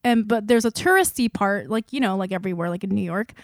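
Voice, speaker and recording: A woman's voice: mid-range voice, quick pace, dry recording, studio quality. A young woman co-hosting a podcast, telling a story casually with many fillers and bursts of laughter. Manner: animated, lots of fillers, laughs through her story. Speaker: podcast host.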